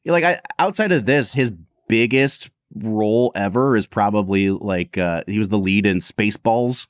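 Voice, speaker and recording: A man's voice: fairly low pitch, moderate pace, dry recording, studio quality. A man co-hosting a podcast, chatting casually and animatedly about a film, with lots of filler "like". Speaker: podcast co-host. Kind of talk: casual movie discussion.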